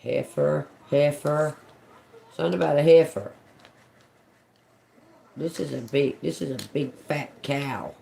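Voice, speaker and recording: A woman's voice: rumbling low, gravelly, darkish tone. A woman streaming live as a psychic reader, muttering single words over and over, puzzled and swearing at what she hears. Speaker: tarot and oracle live streamer.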